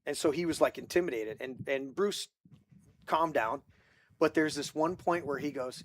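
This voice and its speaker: A man's voice: a little high, normal speed, a little hiss or hum. A man hosting a casual movie podcast, rambling through stories with many restarts and acting out quotes. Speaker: podcast host. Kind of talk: casual group chat about movies.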